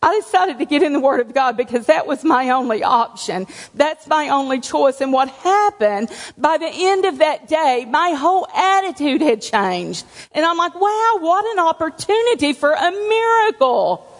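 A woman's voice: high-pitched, lively intonation, normal speed, few pauses, big-room sound. A woman giving a candid, conversational personal testimony to a church congregation, with self-deprecating humor. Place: church sanctuary.

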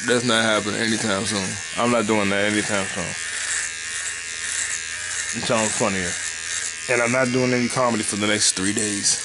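A man hosting a solo podcast, rambling loosely and profanely, with sudden loud excited bursts. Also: fairly low pitch, brisk, noisy background. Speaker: podcast host and stand-up comic.

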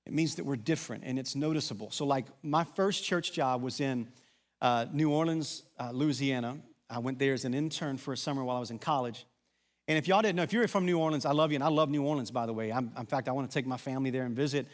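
A man from Arkansas with a Southern accent, preaching a sermon in a conversational style that swings between loud emphasis and quiet asides. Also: mid-range voice, fast. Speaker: pastor. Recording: long reverb of a large hall.

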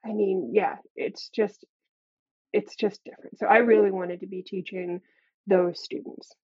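A woman's voice: mid-range voice, fairly even intonation, a little slow, breathy edge, muffled recording. A woman math professor being interviewed, talking in a candid, earnest way with wry asides and frequent laughs. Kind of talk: conversational interview.

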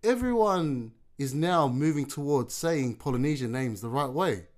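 A man's voice: medium pitch, moderate pace. A man co-hosting a podcast in casual chat, telling jokey stories and laughing often. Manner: animated, joking storyteller who laughs often. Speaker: podcast co-host.

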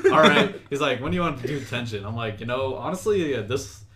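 A young man tells a story in a relaxed, casual way, slipping into the voices of the people he quotes. His voice sits at an ordinary middle pitch. Crowd chatter murmurs behind him. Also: quick pace. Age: young adult. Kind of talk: casual chat.

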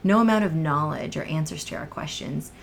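An earnest woman shares her personal testimony as a guest in a podcast conversation, her voice low and edged with a gravelly fry. She speaks from the heart and often drops to a hushed, breathy near-whisper. A faint hiss sits under her voice. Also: fairly quick.

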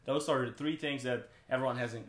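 A man's voice: mid-range voice, steady tone, a little fast. Rambling man talking in a roomy room. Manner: rambling, frequent restarts and "like". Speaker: podcast guest, brand co-founder. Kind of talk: casual interview chat.

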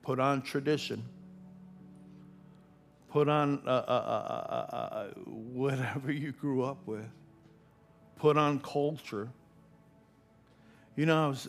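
A man preaching a sermon, building from quiet talk to loud, shouted repetitions with drawn-out phrasing. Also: mid-range voice, gravelly. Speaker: pastor.

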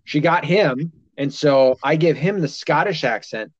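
A man's voice: on the high side, unhurried, dry recording, muffled recording. A man in his thirties hosting a podcast in a casual chat, swearing freely and laughing often. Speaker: podcast host.

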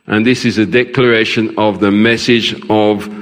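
A man's voice: lowish voice, steady tone, moderate pace. A man preaching a sermon as pastor, asking the congregation questions as he goes. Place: large church. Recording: long hall reverb in church.

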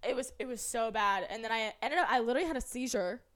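Young female podcast co-host, slightly high voice, animated, swears freely. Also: fast talker. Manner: animated, profane storytelling. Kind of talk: casual chat.

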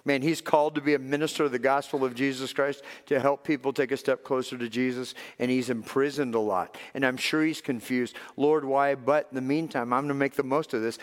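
A male pastor preaching a sermon, swinging between loud emphatic lines and soft hushed ones. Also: mid-range voice. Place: church sanctuary. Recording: long reverb of a large hall.

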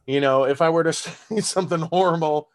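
This stand-up comedian from Texas has a Southern accent and a fairly high-pitched voice that moves fairly quickly. In casual podcast conversation, he laughs a lot, speaks loosely, and drops in lots of fillers and curse words.

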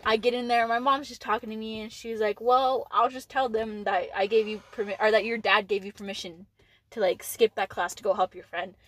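A woman's voice: on the high side, little pitch movement, brisk, fairly bright tone, no echo, rough recording. A teenage girl from Texas telling a school story in casual chat, rambling with lots of "like" and frequent swearing. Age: late teens. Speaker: podcast co-host.

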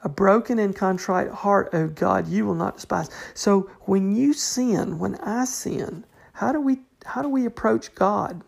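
Gravelly-voiced woman teaching scripture. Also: medium pitch, a little slow, few pauses, darkish tone. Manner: conversational, fills with "you know", restarts often. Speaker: Bible teacher. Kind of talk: informal Bible study talk.

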